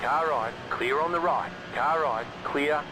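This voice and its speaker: A man voicing a calm race engineer calling out traffic and lap times in a racing game, clipped and matter-of-fact. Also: a little high, measured pace, over music, close to an everyday voice, rough recording.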